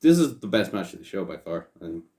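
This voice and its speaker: A man's voice: low-pitched, big pitch swings, quick pace, mellow. A young man co-hosting a podcast, chatting casually and offhand, swearing a lot and trailing off with fillers. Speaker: podcast co-host. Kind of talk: casual chat.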